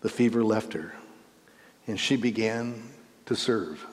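A man's voice: on the low side, slow pace. A man teaching a Bible lesson as a sermon, emphatic, rising on key words and correcting himself as he goes. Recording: echoey hall reverb.

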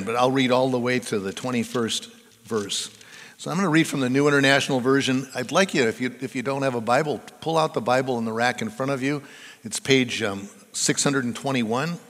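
A man's voice: mid-range voice, fairly bright tone. A male pastor preaching a conversational sermon in a church, putting questions to the congregation. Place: church sanctuary. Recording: reverberant church hall.

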